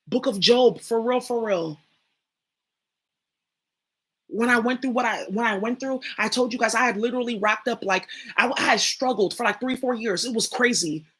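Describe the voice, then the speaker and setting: A young woman who hosts a channel as a spiritual reader speaks directly to her viewers in a casual, blunt monologue full of profanity and emphasis. Her voice sits a little high, with a fairly bright, slightly rough tone, and she keeps a moderate pace.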